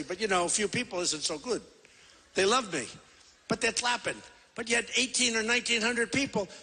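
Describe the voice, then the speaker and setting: Speaking into a podium mic in a big convention hall, a man in his sixties running for president gives a repetitive, bragging, meandering campaign speech. His high-pitched voice is bright and forceful, and the PA sound echoes through the hall.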